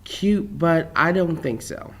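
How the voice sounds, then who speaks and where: A man's voice: fairly high pitch, expressive, takes it slowly, fairly bright tone, a little hiss or hum, pitched above the performer's own voice. A man doing a sassy twangy waitress. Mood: teasing. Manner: sweet-talking, gum-smacking drawl.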